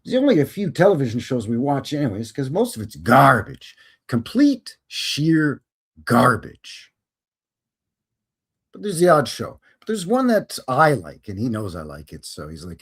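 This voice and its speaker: Male live-stream host, chatty and jokey, with a voice that swings freely up and down at a mid pitch. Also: wildly swooping pitch, unhurried, a bit bright, slightly rough. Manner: joking, rambling, slips into silly voices. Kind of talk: casual live-stream chat.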